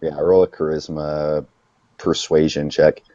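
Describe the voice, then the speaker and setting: A man narrating a tabletop game as game master in a relaxed, chatty way with fillers. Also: very deep voice, unhurried, no echo, highs cut off.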